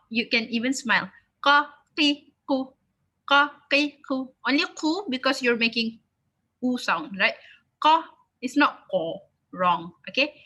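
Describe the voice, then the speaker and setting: A woman with a fairly high, bright voice leads a slow online recitation lesson. She sounds out each syllable again and again for learners to repeat, then explains it patiently, speaking at home over a screen share. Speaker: tajweed teacher.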